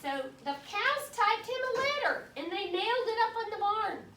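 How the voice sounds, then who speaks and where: A woman teacher reading a picture book aloud to her class, patiently pausing to ask questions and explain words in simple terms. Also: very high-pitched, big pitch swings, bright, forceful tone, slight background noise. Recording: echoey classroom from far off.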